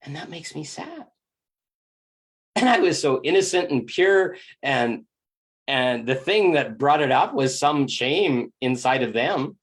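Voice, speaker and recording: A man's voice: on the high side, expressive, slow pace. A man giving a reflective spiritual self-help monologue, candid and emphatic, swearing freely and often repeating words as he thinks aloud.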